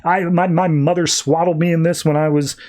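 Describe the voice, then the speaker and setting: A man's voice: on the high side, little pitch movement, a little fast, darkish tone, voice pushed up, close to an everyday voice. A man voicing a battered, powerless male superhero who talks in a strained, determined way.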